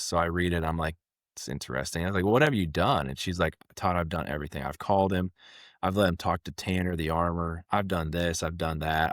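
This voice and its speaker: A man's voice: low-pitched, no echo, clean studio sound. A man, a company president telling stories in a casual podcast interview and acting out both sides of conversations. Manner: animated storyteller, acts out both sides of conversations.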